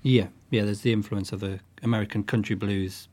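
Low-voiced musician, halting. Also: male voice, fairly even intonation, darkish tone. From northwest England. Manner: thoughtful, halting, with restarts. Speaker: guest musician. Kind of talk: relaxed interview chat.

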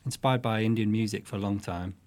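Man, fairly low pitch, folk musician guest, hesitant and thoughtful. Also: fairly even intonation, fast, a little mellow. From northwest England. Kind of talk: interview chat.

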